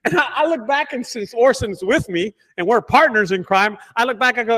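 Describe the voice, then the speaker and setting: A man who owns a junk removal business, telling animated, profane stories in a casual group chat. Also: very high-pitched, fairly quick, hardly any pauses.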